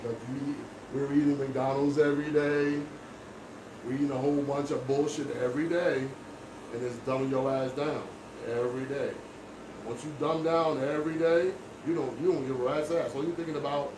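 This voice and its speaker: Man with a high voice, lecturing emphatically. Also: recorded from a distance. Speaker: barber. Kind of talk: casual barbershop chat. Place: barbershop. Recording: echoey room with background noise.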